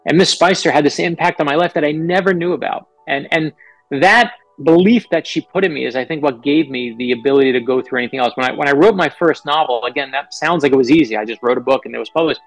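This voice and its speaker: Middle-aged author from New York, gravelly, earnest interview storytelling, dry close sound. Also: male voice, on the high side, fast, dry recording, faint music behind, low-quality recording. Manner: earnest, animated storyteller, quotes people in his stories. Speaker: author guest.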